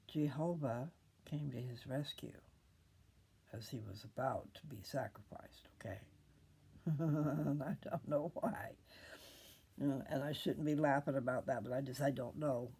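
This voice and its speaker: An older woman hosting a casual scripture talk, rambling, pausing often and drifting into whispers. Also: low-pitched, gravelly, warm tone, husky. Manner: rambling, pauses often, loses her train of thought. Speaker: video host reading scripture.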